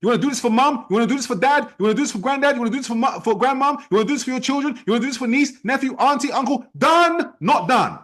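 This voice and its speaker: A man leading an online sales team training, talking in a forceful, repetitive, challenging way. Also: very high voice, rapid-fire, hardly any pauses. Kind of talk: motivational training talk.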